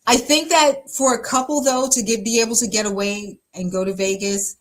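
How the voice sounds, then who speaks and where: A woman's voice: fairly high pitch, fairly even intonation, normal speed. A woman pastor talking casually about relationships, chatty and emphatic, with lots of fillers and easy laughter. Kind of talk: casual relationship advice talk.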